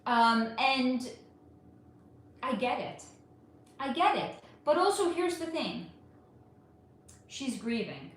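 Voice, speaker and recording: A woman hosting a casual livestream Q&A, answering viewers' questions in an animated, emphatic way and talking straight to her audience. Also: high-pitched, slow pace, pauses often, a little hiss or hum. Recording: very echoey room.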